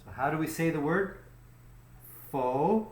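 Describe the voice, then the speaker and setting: Male teacher, slightly high voice, slow and patient, recorded in an echoey room. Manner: slow, patient, repeats and checks with "okay?". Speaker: English teacher. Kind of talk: recorded pronunciation lesson.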